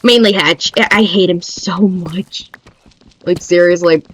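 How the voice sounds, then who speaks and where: A young woman streamer chatting casually in an excitable, rambling way. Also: lowish voice, measured pace, a little hiss or hum, rough recording.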